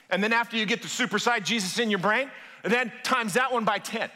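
Male pastor telling a story mid-sermon, bright forceful voice, big echoey church sound. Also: sits high, a little fast. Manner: animated storyteller, conversational and direct with the congregation. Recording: long hall reverb.

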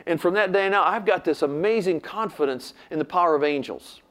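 A man's voice: high-pitched, fairly quick, fairly bright tone. An older man preaching, telling a story animatedly and acting out the voices he quotes. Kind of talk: sermon storytelling.

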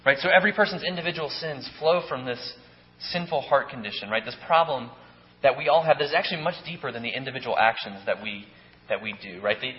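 A man preaching a sermon in a loose, conversational way, often checking in with "right?" and restarting his sentences. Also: mid-range voice. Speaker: pastor. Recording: echoey hall, dull lo-fi sound.

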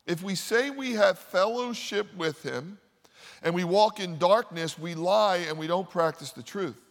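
A man preaching a sermon, telling stories and swinging from loud, lively lines to quiet, hushed ones. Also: high voice, unhurried, vocal fry. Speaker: pastor. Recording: long hall reverb.

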